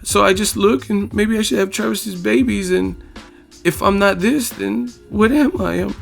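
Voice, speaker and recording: A man putting on a self-pitying crybaby who whines in a high, wobbling falsetto, far above a normal speaking voice. The delivery is mocking and exaggerated, with soft music faintly underneath. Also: normal speed, gravelly, full character voice. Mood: whining mockery. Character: whiny self-pitying crybaby, adult, despairing.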